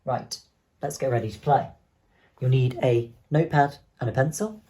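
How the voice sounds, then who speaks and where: A young male teacher giving an online lesson to children, explaining step by step in a clear, encouraging way. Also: mid-range voice, moderate pace, mellow, dry recording. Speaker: primary school teacher.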